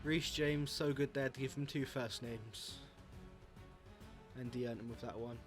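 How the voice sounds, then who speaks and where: A young man giving jokey, excitable commentary over a football video game, his voice jumping high when shocked. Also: measured pace, music in the background. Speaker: gaming YouTuber.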